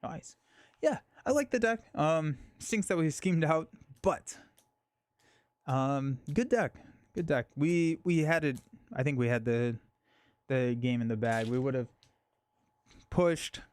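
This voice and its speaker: A man's voice: mid-range voice, slow pace, long pauses, clear, resonant tone. A man hosting a live stream, chatting casually and thinking aloud, with frequent fillers and restarts.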